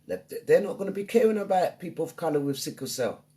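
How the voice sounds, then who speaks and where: A woman's voice: deep voice, animated, fast talker, dark tone. A woman hosting a live online radio show, chatting upbeat and greeting listeners by name. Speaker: radio DJ and host.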